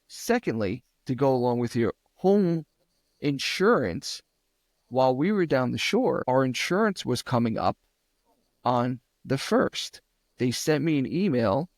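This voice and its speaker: In a recording with no echo, a young man of medium pitch co-hosts a podcast and spins a profane home repair tale. He voices other people's lines as he goes and gets loud and ranty once he's worked up.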